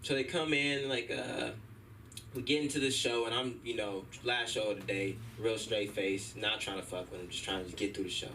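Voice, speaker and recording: Young male stand-up comic, bright and animated, heard from a distant mic in a club with faint noise. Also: lowish voice, normal speed. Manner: animated storytelling, acting out voices. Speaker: stand-up comedian. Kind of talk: stand-up set at an open mic. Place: comedy club stage.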